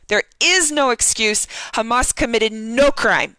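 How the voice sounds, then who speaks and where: A woman's voice: a little high, a little slow, sharp tone, no room sound. A woman journalist giving heated, indignant live-stream news commentary and reading out timeline entries.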